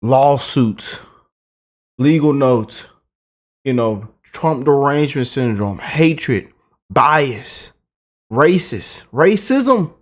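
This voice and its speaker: A man giving excited, gloating political commentary as a YouTuber, repeating himself and mocking his targets. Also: medium pitch, very slow, pauses often.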